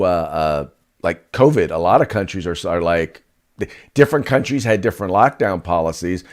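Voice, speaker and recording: Low-voiced man, halting political talk. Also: darkish tone. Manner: halting, searching for words. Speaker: co-host.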